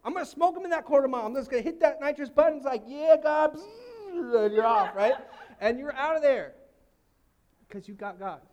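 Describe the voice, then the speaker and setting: A middle-aged male pastor preaching a lively, casual sermon with sudden shouted exclamations. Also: very high voice, quick pace, muffled recording. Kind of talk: energetic sermon.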